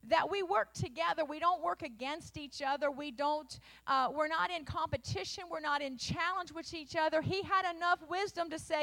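A woman pastor with a high voice delivers a sermon like she's telling stories to friends. She keeps it loose and homey with plenty of fillers, then builds to emphatic, punchy peaks. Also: normal speed, few pauses, pushed and bright. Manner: folksy storytelling preacher, many fillers, building to emphatic peaks.

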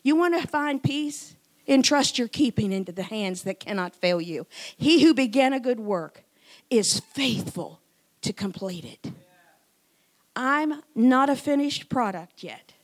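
A woman in her sixties preaching a sermon in church, moving from loud emphatic lines to hushed, whispered ones. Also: on the high side, lively intonation, a little slow. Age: 60s.

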